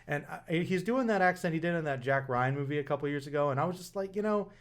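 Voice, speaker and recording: A man's voice: fairly high pitch, expressive, fast talker. A young man giving a casual, rambling film review, full of fillers and restarts.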